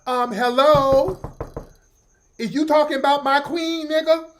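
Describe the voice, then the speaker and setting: A man putting on the voice of an indignant, sassy male superfan, talking in a high, nasal sass. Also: steady tone, a little slow, slight background noise.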